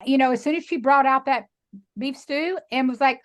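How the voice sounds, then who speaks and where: A middle-aged woman with a Texan accent tells her story in an emphatic, animated way and acts out the voices of the people in it. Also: high voice, brisk. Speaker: guest, sanctuary founder. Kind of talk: emotional storytelling interview.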